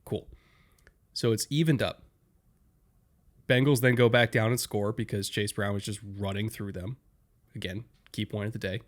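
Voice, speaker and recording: A man co-hosting a sports podcast, breaking down game decisions step by step in a casual, analytical way. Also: medium pitch. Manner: analytical, explains step by step, many "like"s. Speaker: podcast co-host.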